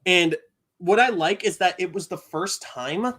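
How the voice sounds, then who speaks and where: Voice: mid-range voice, measured pace, a bit bright, slightly rough. A co-host in a casual video chat, playful and opinionated.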